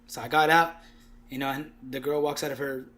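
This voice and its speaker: A man's voice: medium pitch, flat delivery, brisk, a bit bright. A young man co-hosting a podcast, telling a story in casual chat, acting out the quotes and laughing often. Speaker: podcast co-host.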